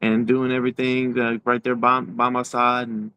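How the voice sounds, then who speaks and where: A man in his forties, an interview guest telling his personal story in a halting way, repeating words as he goes. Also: medium pitch, monotone, bright, forceful tone, clean tone, dry recording.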